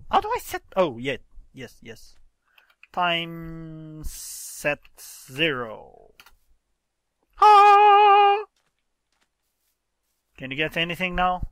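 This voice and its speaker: Slow, lively man grumbling through a game. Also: a little high, no room sound, studio quality. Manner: exasperated, exclaiming, explaining game mechanics. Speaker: gaming channel host. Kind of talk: casual let's-play chat.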